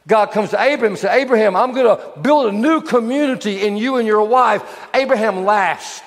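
Animated preacher in an echoey hall. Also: male voice, high voice. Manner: animated preaching, acting out biblical figures in quick voices. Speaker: pastor. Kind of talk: sermon. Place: church hall.

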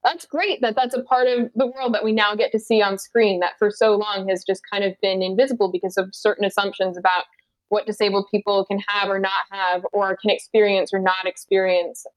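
A woman, an actor guest in a casual interview, talking in a chatty way with restarts and quick laughs. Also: medium pitch, fairly even intonation, no room sound, poor audio. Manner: chatty, many restarts and likes, laughs easily.

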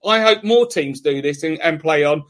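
A man's voice: a little high, animated, moderate pace, fairly bright tone. A man hosting a football podcast, talking emphatically and arguing his point. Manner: emphatic, argumentative. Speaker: podcast host. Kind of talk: casual podcast chat.

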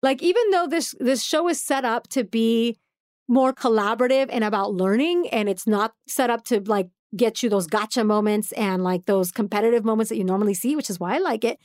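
Woman podcast co-host, high-pitched, dry close sound, animated storyteller who laughs a lot. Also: brisk, no room sound. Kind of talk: casual chat.

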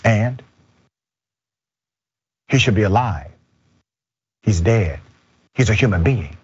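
A man hosting a political commentary show with an emphatic, measured delivery. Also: fairly low pitch, lively intonation, slightly rough. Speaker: show host. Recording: dull, lo-fi sound.

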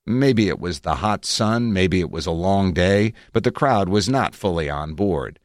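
A man narrating his own article in a reflective, measured way with wry asides, recorded on a close studio mic. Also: low voice, animated, dry recording. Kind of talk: scripted narration.

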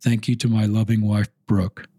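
A middle-aged man hosting a podcast interview, speaking slowly and earnestly as he reads a friend's post aloud. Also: lowish voice, little pitch movement, warm tone, breathy edge, no echo. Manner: slow, earnest, moved to emotion while reading. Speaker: podcast host.

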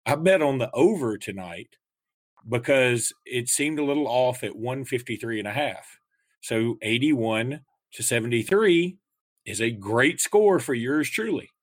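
A man's voice: mid-range voice, animated, unhurried, no echo. A man hosting a podcast, rambling in a wry, casual way about betting, travel and holidays. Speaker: podcast host. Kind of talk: casual chat.

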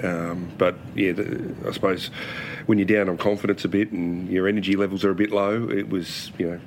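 Australian male coach at a press conference; very low voice, plain-spoken. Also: a little hiss or hum. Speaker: football coach. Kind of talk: post-match press conference.

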